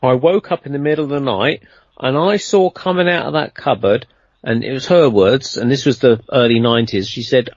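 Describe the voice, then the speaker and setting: Man, rambling storyteller, husky voice, dry lo-fi recording. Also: mid-range voice, brisk, a little mellow, no echo. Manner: rambling, conversational, many fillers and restarts. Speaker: guest storyteller. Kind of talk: casual radio interview anecdote.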